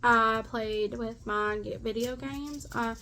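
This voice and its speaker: Woman mocking a spacey teen girl going like, like, like, a bit higher and louder. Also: fairly even intonation, heavily acted. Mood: rambling. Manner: fills every phrase with like, halting. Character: airheaded teenage stepdaughter, vague and rambling.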